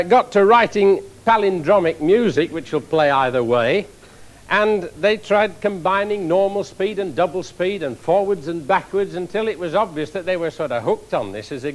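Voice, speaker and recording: A man lecturing on engineering before a live audience, his voice swinging widely up and down as he demonstrates. He sits a touch higher than most men and keeps his explanations animated and showy. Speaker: engineering professor giving a lecture. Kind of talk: televised public science lecture.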